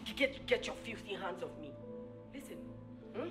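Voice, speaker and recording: An actress playing a scornful, lively-voiced young woman. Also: medium pitch, moderate pace, natural voice. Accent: Nigerian. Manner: scornful and defiant. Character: defiant young woman, scornful and sharp-tongued. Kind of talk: film drama acting. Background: music.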